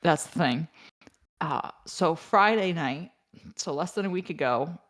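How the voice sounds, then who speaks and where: A woman's voice: deep voice, a little slow. A woman guest on a podcast, telling stories with frequent laughter and casual swearing. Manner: animated storyteller, laughs often, swears casually. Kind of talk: casual chat.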